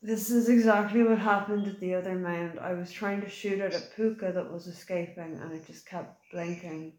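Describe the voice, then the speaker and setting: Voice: mid-range voice, fairly even intonation, moderate pace, darkish tone, roomy sound, rough recording. A tabletop game player speaking earnestly and apologetically. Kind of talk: tabletop role-play.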